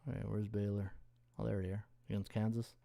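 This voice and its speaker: A man's voice: lowish voice, level tone, brisk, creaky, mellow. A man hosting a casual sports betting live stream, rambling and thinking aloud as he scrolls through stats and thanks viewers. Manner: reads viewer comments and thanks them. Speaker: sports betting handicapper and host.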